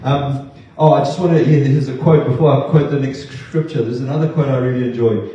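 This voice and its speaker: A man's voice: medium pitch, steady tone, fairly quick, dark tone. A man preaching an earnest, heartfelt sermon in a church, often stumbling and repeating words. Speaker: pastor. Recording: dull echoey sound from far off.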